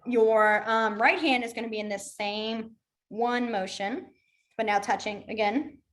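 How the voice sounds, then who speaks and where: Friendly young female teacher, chatty, a touch high-pitched, casual class delivery. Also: steady tone. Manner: chatty, laughs often, quick asides. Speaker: sign language teacher. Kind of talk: casual online class instruction.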